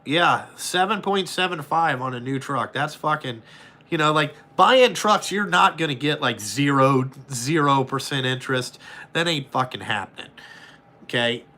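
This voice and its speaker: Blunt, profane trucker, bright voice. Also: male voice, on the high side, lively intonation, normal speed. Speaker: truck driver vlogger. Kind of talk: casual chat answering viewers.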